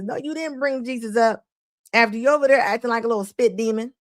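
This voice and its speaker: A woman's voice: fairly high pitch, fairly quick, dry recording. A woman hosting a live show and commenting on a clip, laughing often and scolding emphatically. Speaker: host.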